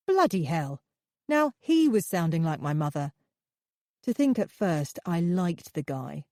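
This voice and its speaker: Mellow-voiced woman audiobook narrator. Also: on the low side, a little slow, dry recording, studio quality. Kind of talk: scripted first-person narration.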